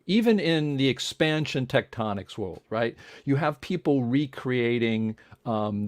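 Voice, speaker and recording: A man's voice: mid-range voice, darkish tone, no echo. A man hosting a casual interview, his thoughts running ahead of his words. He rambles, stacks fillers and restarts, and rarely lands a sentence. The sound is dry and close. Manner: rambling, fast-thinking, leaves sentences unfinished, many fillers. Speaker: host.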